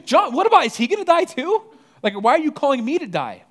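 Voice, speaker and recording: A man's voice: extremely high pitch, big pitch swings, fast, fairly bright tone, pitched above the performer's own voice, exaggerated voice. A man doing a whiny indignant grown man. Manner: whining, indignant. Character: whiny grown man complaining about his friend.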